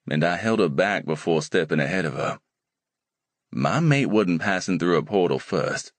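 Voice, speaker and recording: Deep, slow male audiobook narrator. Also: no room sound. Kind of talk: first-person audiobook narration.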